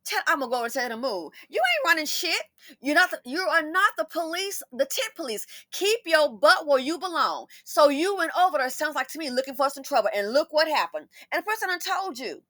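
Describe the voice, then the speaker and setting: A woman's voice: high voice, very animated, a little fast, fairly bright tone, dry recording, clean studio sound. A woman giving heated commentary on a news clip, blunt and indignant, swearing and talking back at the people in it.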